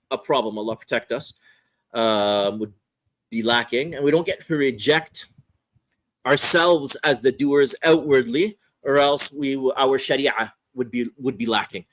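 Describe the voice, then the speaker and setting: A man's voice: mid-range voice, unhurried, fairly bright tone, dry recording, low-quality recording. A man explaining a religious text as a teacher, thinking aloud, often repeating and restarting words as he goes. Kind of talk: explaining a theology text in a class.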